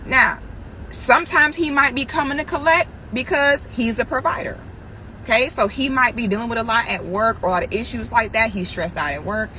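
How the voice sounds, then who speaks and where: Woman vlogger ranting to the camera, kinda high voice, acts out everybody's lines, faint noise behind. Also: pushed and bright, poor audio. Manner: acts out quoted voices, laughs often, addresses viewers directly. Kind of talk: animated storytelling rant.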